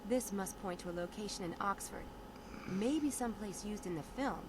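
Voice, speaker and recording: A woman's voice: mid-range voice, normal speed, noisy background, natural voice. An actress playing a curious, wry young woman adventurer in game dialogue, with music behind her. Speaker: game protagonist.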